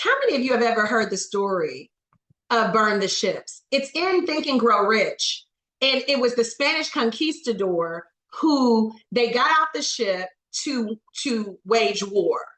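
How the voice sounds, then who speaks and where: Female motivational coach, high and bright, preacher-like, calls on people by name; roomy echo. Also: very animated, measured pace. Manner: preacher-like, calls on listeners by name, rhetorical questions. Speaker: network marketing coach. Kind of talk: motivational training talk.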